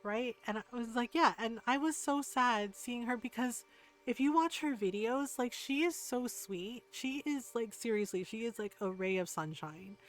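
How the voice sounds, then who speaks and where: A woman's voice: a little high, moderate pace. A woman streamer in casual chat, ranting heatedly with lots of swearing and frequent "like" and "right?".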